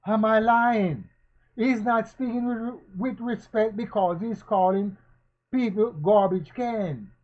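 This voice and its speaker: Here a man with a fairly high voice gives spoken social commentary, his slow, weighty delivery echoing a preacher's cadence. Rhetorical questions come one after another, bound together by repeated phrases, all captured on a dull, lo-fi recording.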